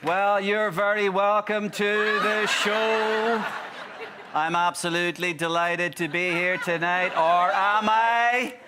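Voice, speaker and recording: A man's voice: high-pitched, steady tone, a loud crowd, heavy background noise. A man doing a sarcastic Northern Irish TV host. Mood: sarcastic teasing. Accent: Northern Irish (put on). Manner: teasing, slow, sing-song sarcasm. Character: impression of a male Northern Irish talk show host, sarcastic.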